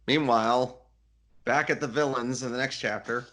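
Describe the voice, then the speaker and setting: A man's voice: fairly even intonation, measured pace, a bit bright. Laughing, jokey male podcast co-host. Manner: jokey, laughs often, acts out quoted lines in a higher voice. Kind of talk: casual book discussion chat.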